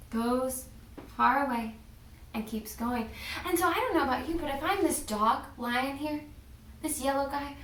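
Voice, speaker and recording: Animated woman telling a children's story. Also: sits high. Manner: animated and expressive, addressing children. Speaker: children's minister. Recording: echoey room, far from the mic.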